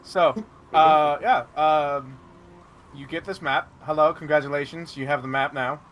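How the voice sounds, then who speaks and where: A man running a tabletop game as game master, explaining in a halting way full of fillers and restarts. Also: on the high side, fairly even intonation, a bit bright, a little hiss or hum.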